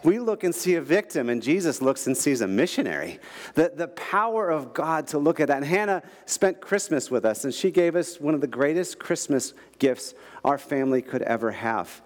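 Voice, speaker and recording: A man's voice: a little high, moderate pace. A man giving a sermon as a guest preacher, telling stories with emotion and laughing often. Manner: animated, emotional storytelling with frequent laughs. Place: large church hall. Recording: long reverb of a large hall.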